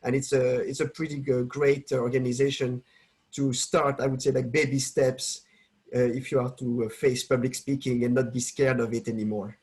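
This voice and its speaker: A man's voice: mid-range voice, little pitch movement, normal speed, darkish tone. A man with a French accent making a hesitant comment from the audience, searching for words. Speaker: audience member. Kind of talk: casual question-time comment.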